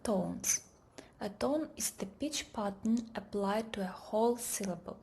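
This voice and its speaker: A woman narrating a pronunciation lesson in a measured, deliberate way, often trailing off into a whisper. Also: medium pitch, creaky, mellow, slight background noise. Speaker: language teacher. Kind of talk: slow scripted lesson narration.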